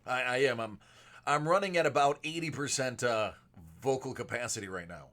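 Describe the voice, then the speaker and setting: Guy hosting a card stream live, casual and chatty, middle pitch, flips into a big announcer-y voice sometimes. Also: brisk. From United States. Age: adult with a young son. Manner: chatty, answers viewers by name; shifts between a projected announcer voice and a softer normal voice. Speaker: card-break stream host.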